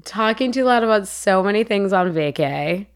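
A woman's voice: mid-range voice, expressive, moderate pace, clean tone. A woman co-hosting a podcast, chatting in a playful, giggly, casual way. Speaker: podcast co-host. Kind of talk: casual chat.

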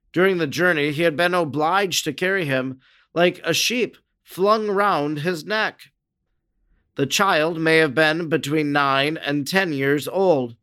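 A man reading a religious narrative aloud in a measured, earnest way, lifting his voice for the quoted speech. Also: fairly high pitch, a bit bright. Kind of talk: scripted narration of a religious text.

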